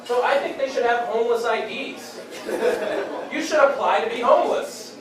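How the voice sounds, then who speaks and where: A young man from Saskatchewan doing a wry, casual stand-up set on a club stage, acting out quick quotes. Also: very high voice, crowd noise. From Saskatchewan, Canada. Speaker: stand-up comedian. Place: comedy club stage in a beer hall. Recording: very echoey club room, mic distant. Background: audience laughing.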